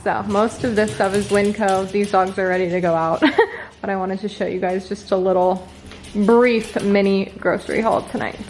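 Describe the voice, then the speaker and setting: A young woman chats to her camera in a casual vlog, quick to move on and full of little fillers. Her voice sits at an ordinary middle pitch. Steady background noise runs under the recording. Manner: chatty, filler-heavy and rushed; hushed and quiet. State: sniffly with allergies. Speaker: vlogger.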